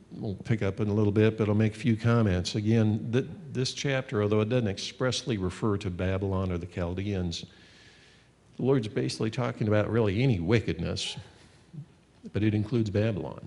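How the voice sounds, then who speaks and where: A man with a low voice preaches in a church hall with a long reverb. He teaches in an earnest, conversational way and reads scripture aloud. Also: fairly even intonation, normal speed, warm tone. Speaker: pastor. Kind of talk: sermon teaching.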